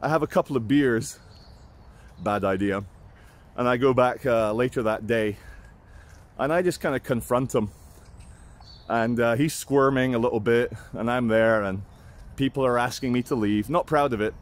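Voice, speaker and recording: A man's voice: mid-range voice, moderate pace, pauses often. A man telling blunt, self-mocking stories outdoors in casual vlog style and swearing freely. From Britain. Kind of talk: casual storytelling. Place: outdoors at sunrise.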